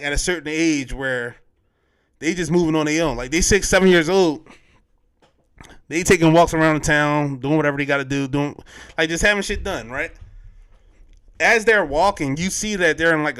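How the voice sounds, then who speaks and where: A man's voice: a little high, fairly bright tone, clean tone. A man hosting a podcast, recapping a film in loose, slangy casual chat, full of fillers and restarts. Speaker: podcast host.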